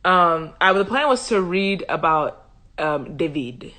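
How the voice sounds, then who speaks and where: A woman hosting a casual livestream Bible commentary, animated and joking with slangy asides and frequent laughter. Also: on the low side, slow. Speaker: host.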